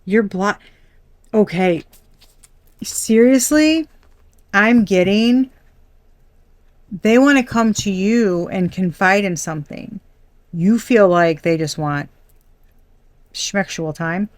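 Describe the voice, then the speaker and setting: A woman's voice: mid-range voice, takes it slowly, long pauses, a little mellow, dry recording. A young adult woman doing a casual tarot reading, chatty and blunt, swearing and laughing often. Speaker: tarot reader.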